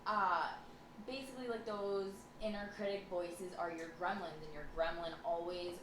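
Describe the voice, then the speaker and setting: A woman's voice: fairly low pitch, fairly even intonation, normal speed, fairly bright tone. A woman co-hosting a casual podcast, chatty and saying "like" a lot. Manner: chatty, says "like" often. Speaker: co-host. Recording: echoey room with clear background noise.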